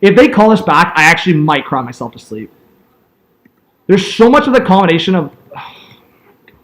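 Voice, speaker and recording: A young man streams live play-by-play of a hockey game as an excitable fan, yelling and laughing at big plays and chatting with his viewers. His voice is high and fairly quick.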